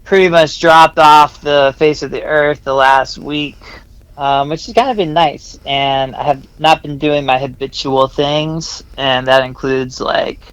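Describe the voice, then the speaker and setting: A laid-back man chats as a stand-in co-host. He talks in a loose, slangy way. His voice sits a little high and sounds smooth and clear. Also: fairly even intonation, unhurried, fairly bright tone, no echo, rough recording. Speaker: guest co-host, host's brother. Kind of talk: casual comedic chat.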